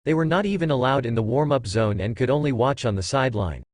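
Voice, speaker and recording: Male narrator for a light novel audiobook: synthetic, even and steady, mid pitch, dry. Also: fast, dry recording.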